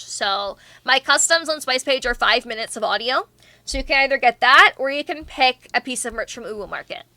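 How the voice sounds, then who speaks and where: Bubbly high-voiced young woman streamer. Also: bright, forceful tone, no echo. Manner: bubbly, playful and teasing. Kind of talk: casual livestream chat reading comments.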